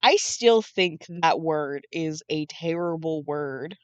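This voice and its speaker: A young woman who streams and draws chats casually on her live stream, still groggy from waking up, rambling and swearing now and then. Her voice is deep with lively intonation, slow and smooth. The audio is dull, with no echo.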